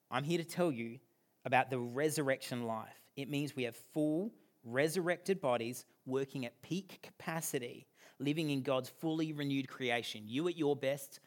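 A man, preaching a sermon as pastor, swinging from loud emphasis down to a near-whisper. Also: mid-range voice.

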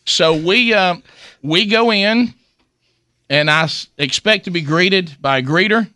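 Bright-voiced man telling a funny story. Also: sits high, measured pace, dry recording, clean studio sound. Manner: animated, laughing, acts out quoted voices. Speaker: storyteller guest. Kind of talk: comic storytelling in casual chat.

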